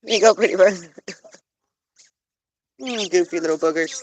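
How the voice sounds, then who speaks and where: A woman's voice: fairly low pitch, normal speed, pauses often, very noisy. A young woman live-streaming outdoors by phone, cooing in baby talk to her pet geese and chatting to viewers. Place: outdoors with geese and other animals.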